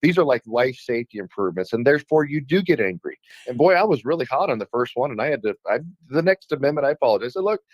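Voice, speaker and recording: A man's voice: mid-range voice, very animated, fast talker, few pauses, no room sound, poor audio. A man from Alaska, a state legislator talking on a radio show, speaking heatedly and emphatically about his frustration. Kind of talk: radio talk show conversation.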